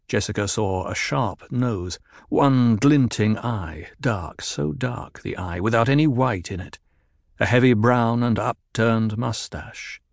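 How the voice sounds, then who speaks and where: A man narrating a novel in a calm, measured voice. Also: mid-range voice, creaky, dry recording, studio quality. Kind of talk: audiobook narration.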